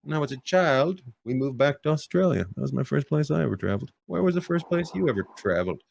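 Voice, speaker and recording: A man's voice: on the high side, fast talker, creaky, a little hiss or hum. A man hosting a casual comedy chat over a video call, joking and teasing his guests. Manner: jokey, teasing, animated. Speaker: host.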